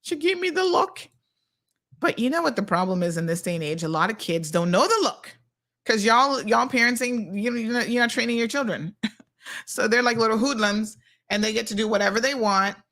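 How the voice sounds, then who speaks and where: A woman's voice: a little high, fairly quick. Sassy Caymanian woman telling stories. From Cayman Islands. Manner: sassy, animated storytelling with "honey child" asides. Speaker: host. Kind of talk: casual chat reading viewer comments.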